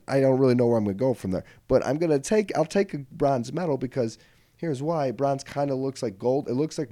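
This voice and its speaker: A man's voice: medium pitch, mellow, no room sound. A male podcast host telling a comedic story in a rambling way, often checking in with "right?".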